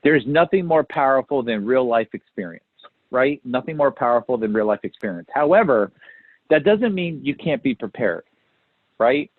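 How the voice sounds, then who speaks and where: A man's voice: mid-range voice, lively intonation, moderate pace, no echo. Man training phone sales callers on a tinny line. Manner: talks to trainees, checks in with "right?" and "okay?". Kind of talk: recorded training talk. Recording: tinny phone-like dry recording.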